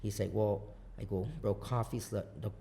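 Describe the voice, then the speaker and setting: A man from Guam, a business owner guesting on a podcast, telling stories in casual chat, swearing a lot and talking in an animated way. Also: on the low side, normal speed, gravelly, slight background noise. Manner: profane, animated storyteller.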